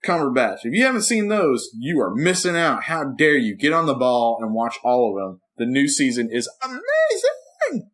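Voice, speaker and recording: A man co-hosting a casual podcast, an animated storyteller who acts out what he says to his dog. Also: medium pitch, normal speed, hardly any pauses. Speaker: podcast co-host. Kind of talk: casual chat.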